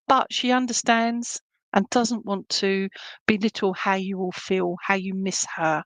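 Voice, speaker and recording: A woman's voice: medium pitch, steady tone, normal speed, fairly bright tone, dry recording, low-quality recording. A middle-aged woman serving as a spiritualist medium, giving rambling, affectionate clairvoyant readings at an online church service, with many fillers and restarts.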